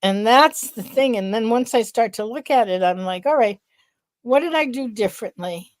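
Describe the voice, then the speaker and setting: A middle-aged woman co-hosting a podcast, thinking aloud in a reflective, unhurried way. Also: fairly high pitch, dry recording. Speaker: podcast co-host, researcher. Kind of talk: casual podcast chat.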